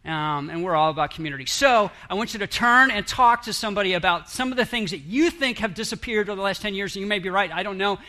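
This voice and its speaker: A middle-aged man talks to a live audience in a loose, conversational way. His voice sits high for a man and sounds sharp and bright. He keeps asking the crowd questions and restarting his sentences. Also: fast talker, few pauses. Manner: chatty, rambling, self-interrupting, asks the audience questions. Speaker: speaker addressing an audience. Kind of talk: interactive audience talk.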